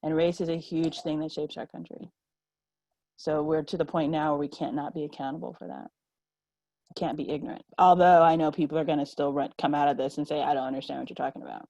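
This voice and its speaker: Low-voiced woman, earnest panelist. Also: fairly even intonation, fairly quick, warm tone, no echo, poor audio. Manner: earnest, acts out quoted voices. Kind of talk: roundtable discussion over video call. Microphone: video call.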